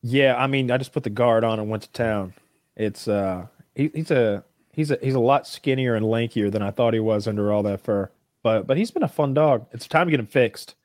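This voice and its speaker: A man's voice: mid-range voice, moderate pace, darkish tone, dry recording, studio quality. A man chatting casually as a co-host, rambling with many restarts and frequent swearing. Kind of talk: casual chat.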